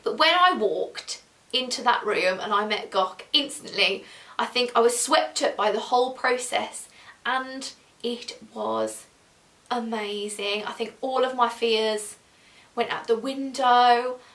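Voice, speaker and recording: A young woman in her twenties, chatting casually to camera in a bubbly, animated way, acting out her own past thoughts. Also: on the high side, slow. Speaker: vlogger. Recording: roomy echo, a bit distant from mic.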